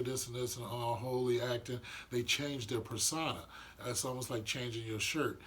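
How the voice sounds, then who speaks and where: A man's voice: mid-range voice, fairly even intonation, moderate pace, fairly bright tone, slight background noise. A man giving an earnest, rambling monologue about spiritual matters, often restarting his sentences. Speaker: vlogger sharing spiritual views. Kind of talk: casual reflective monologue.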